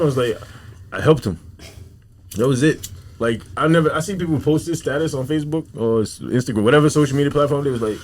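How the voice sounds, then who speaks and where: Quick streetwise newark comedian dude, blunt and animated, bit of background hiss. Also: male voice, mid-range voice. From Newark, New Jersey. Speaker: comedian guest. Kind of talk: casual podcast chat.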